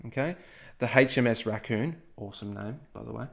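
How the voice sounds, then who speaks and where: A man's voice: mid-range voice, fairly quick, vocal fry, fairly bright tone. Playful man telling history casually. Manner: playful, jokey asides, frequent "okay?". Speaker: podcast co-host.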